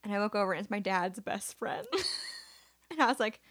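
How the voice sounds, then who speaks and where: A woman's voice: medium pitch, fairly quick, fairly bright tone. Young woman co-host, rambling casual storyteller, mid-range voice. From Seattle area. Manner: rambling storyteller, lots of likes, laughs through stories. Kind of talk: casual chat.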